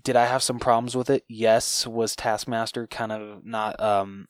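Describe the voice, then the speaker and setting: A man's voice: on the low side, fairly even intonation, measured pace, no echo, clean studio sound. A man hosting a podcast alone, chatting casually and enthusiastically about films, rambling and swearing freely. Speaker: podcast host. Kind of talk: casual movie review chat.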